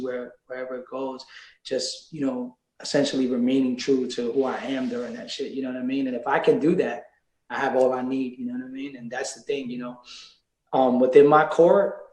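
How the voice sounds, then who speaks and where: A man's voice: medium pitch, little pitch movement, brisk, darkish tone, roomy sound, low-quality recording. A man, a rapper guest in an interview, talking casually and laid-back, swearing freely with many fillers.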